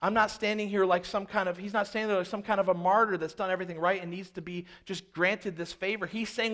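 A man preaching a sermon, moving between quiet, slow reflection and loud, urgent reenactments of prayer. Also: steady tone. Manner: earnest preaching with dramatic dynamic swings, quieting low then rising loud. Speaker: pastor.

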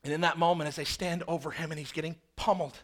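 A man preaching a sermon, dramatic, swinging from hushed, slow passages to loud, intense ones. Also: a little high, steady tone.

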